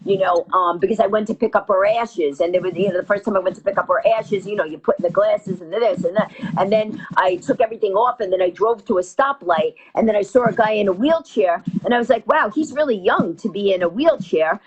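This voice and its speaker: A woman comedian telling a story as an interview guest, talking fast and acting out the voices of the people in it. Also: mid-range voice, slightly rough, muffled recording. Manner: fast, acts out quoted voices. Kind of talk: animated storytelling.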